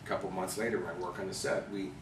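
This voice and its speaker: A man from Chicago, an interview guest, telling animated anecdotes and acting out the people he quotes. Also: sits low, rapid-fire. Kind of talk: storytelling interview. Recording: roomy, distant mic with background noise.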